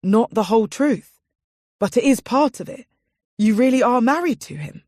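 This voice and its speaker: In an audiobook, a woman voices an earnest young man pleading anxiously and worried, pitching her warm voice above her natural range. She sounds high and animated at a moderate pace, with clean studio sound and no room ambience.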